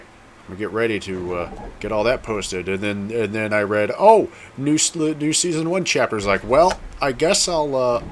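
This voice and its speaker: A man's voice: lowish voice, a little hiss or hum. A man casually commenting while he plays a game, rambling and chatty. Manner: rambling, chatty, self-correcting. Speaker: gameplay video host.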